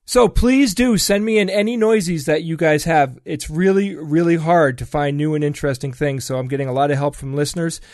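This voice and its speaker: A man's voice: on the high side, brisk, few pauses, darkish tone. A man co-hosting a podcast in casual chat, often chuckling as he talks, recorded on a close mic. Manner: chuckles often while talking. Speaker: podcast co-host running a sound-guessing segment. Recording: dry close-miked sound.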